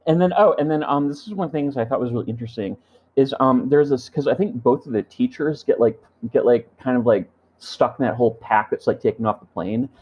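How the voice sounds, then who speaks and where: A man's voice: mid-range voice, fairly quick, darkish tone, breathy edge. Hesitant man on a dull lo-fi mic. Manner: hesitant, lots of ums and likes, laughs. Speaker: podcast co-host. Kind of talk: casual chat.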